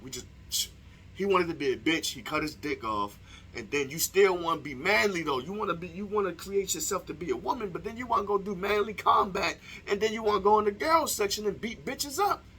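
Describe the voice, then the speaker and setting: A man's voice: high voice, animated, fairly quick, bright, forceful tone, slight background noise. A young man delivering a heated, profane opinion monologue to his viewers, firing off rhetorical questions. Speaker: vlogger. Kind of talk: casual opinion monologue to camera.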